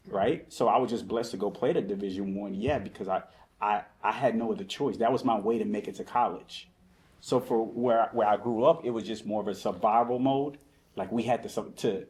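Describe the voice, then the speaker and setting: A man coaching high school football, talking earnestly and repeating motivational phrases on a panel. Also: darkish tone. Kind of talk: panel discussion.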